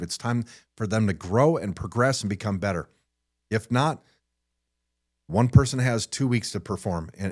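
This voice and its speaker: A middle-aged man hosting a podcast, giving a blunt, frustrated motivational talk off the cuff, often repeating his first words as he starts a sentence. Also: mid-range voice. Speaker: podcast host. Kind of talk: unscripted motivational monologue.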